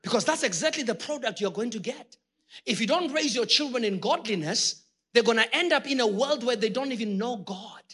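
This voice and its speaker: Preacher guy with a kinda husky, sharp high voice, gets shouty and fired up. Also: animated, brisk. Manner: impassioned preaching with shouted peaks; addresses the congregation directly. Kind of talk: sermon.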